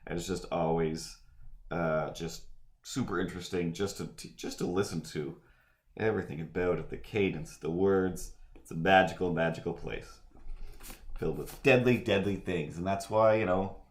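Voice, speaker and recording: A man's voice: low-pitched, moderate pace. A man chatting casually on a livestream while he draws, wandering through asides and fillers. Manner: meandering, full of fillers and asides. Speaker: livestream artist. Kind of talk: rambling casual chat while drawing. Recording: echoey room.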